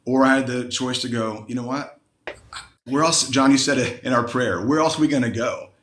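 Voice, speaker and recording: A man shares a heartfelt personal testimony as a guest on a live panel, his voice sitting at an ordinary pitch. He speaks earnestly over a video call, and the sound carries a noticeable room echo. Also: normal speed, fairly bright tone. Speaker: guest panelist, Christian musician.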